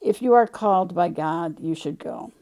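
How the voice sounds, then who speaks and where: A woman voicing Jethro, a kindly older father-in-law who speaks gently. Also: lowish voice, moderate pace, natural voice. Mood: resigned.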